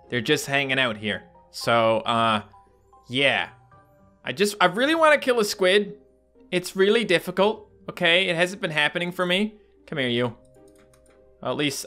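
A young man casually commenting on a game he plays, chatty and animated, yelping and laughing when surprised. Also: fairly high pitch. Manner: animated, yelps and laughs at sudden attacks. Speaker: gaming YouTuber. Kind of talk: casual let's-play commentary.

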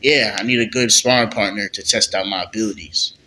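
Guy putting on a cocky young hero with strange new powers, talks easy and offhand, kinda low voice with a bright edge. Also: brisk, a little hiss or hum, poor audio. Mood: boastful. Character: confident young male hero with alien powers.

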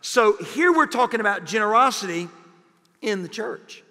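A male pastor preaching a sermon, jokey and animated, with sudden loud bursts. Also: sits high, moderate pace, long reverb tail. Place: church sanctuary.

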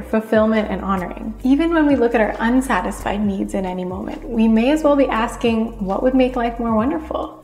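A woman giving a calm, scripted lesson on communicating, now and then acting out short example phrases. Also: a little high. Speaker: teacher of communication skills. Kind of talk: scripted explanatory narration. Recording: echoey room with faint music behind.

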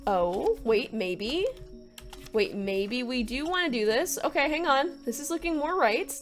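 A young woman commenting excitedly on a video game she plays, laughing often and shrieking a character's name. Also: high-pitched, a little slow, soft background music. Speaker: gaming video creator. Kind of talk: let's play commentary.

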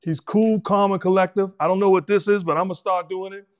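A man's voice: sits high, fairly even intonation. Emphatic middle-aged man breaking down basketball. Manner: measured, emphatic basketball analysis. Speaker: host. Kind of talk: sports talk commentary.

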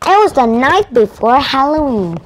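A woman's voice: sits high, very animated, moderate pace, a little hiss or hum. A woman whose first language is Korean, reading a picture book aloud with care and correcting herself as she goes. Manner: careful, with restarts and self-corrections. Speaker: storyteller.

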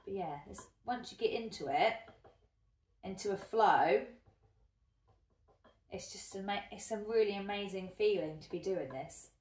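A woman's voice: mid-range voice, unhurried, long pauses, darkish tone. A woman chatting casually in a craft vlog while she works, self-deprecating and thinking aloud. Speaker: hobby spinner vlogger. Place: indoor room at a spinning wheel. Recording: echoey room from a distant mic.

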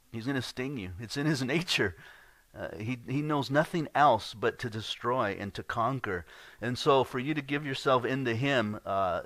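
Male pastor, mid-pitched, earnest sermon, dry close sound. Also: a bit bright, no room sound. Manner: earnest, conversational, repeats words.

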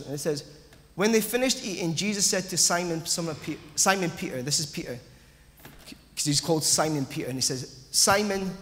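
High-voiced preacher in a reverberant church. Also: male voice, a bit bright. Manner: emphatic, repetitive, asks the congregation questions. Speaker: pastor. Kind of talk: sermon. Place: church hall.

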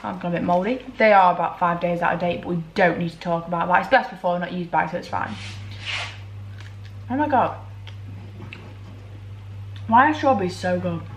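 A woman's voice: lowish voice, moderate pace, pauses often, echoey room, slight background noise. A young woman vlogging in a casual, chatty way, a bit dramatic, talking to camera in her bedroom.

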